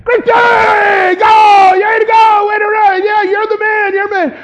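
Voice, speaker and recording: A man voicing an excited male friend cheering him on, with high shrill shouts. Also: a little slow, a loud crowd, very noisy.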